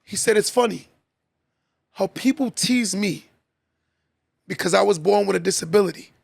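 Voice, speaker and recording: A man's voice: sits high, normal speed, vocal fry, dry recording. A man, a father, giving a preachy motivational monologue as podcast host, repeating key lines for emphasis. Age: adult, father of a son.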